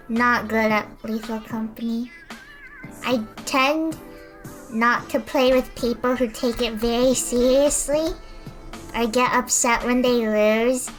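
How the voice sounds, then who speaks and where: A woman streamer chatting casually while she paints, rambling and self-deprecating. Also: fairly high pitch.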